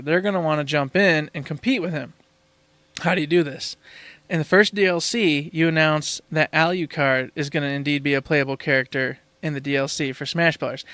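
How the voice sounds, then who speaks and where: A man co-hosting a casual gaming podcast, excitable and speculating with lots of laughs. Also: fairly high pitch, clean tone, dry recording. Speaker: podcast co-host.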